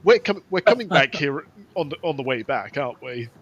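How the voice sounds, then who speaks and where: A sick man playing a tabletop game, speaking haltingly. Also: on the high side, animated, breathy edge, dull audio. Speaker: player. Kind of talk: tabletop play.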